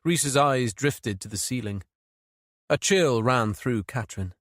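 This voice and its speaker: A man narrating a mystery thriller audiobook in a steady, measured read. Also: mid-range voice, no room sound, clean studio sound. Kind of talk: scripted narration.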